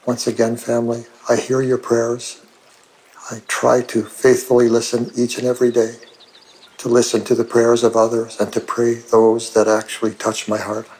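A man from Canada calling in with an earnest, halting prayer request. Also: mid-range voice, monotone, darkish tone, poor audio. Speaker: caller.

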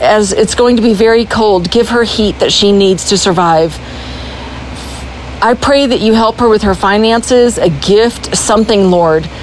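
A woman's voice: mid-range voice, a little hiss or hum, rough recording. A woman from Texas with a Texan accent, calling in with an earnest, pleading prayer message. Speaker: caller.

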